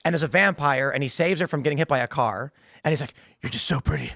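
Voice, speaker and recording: A man hosting a casual panel talk show, telling stories in an animated way with quick character voices. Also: on the high side, no echo, studio quality. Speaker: show host.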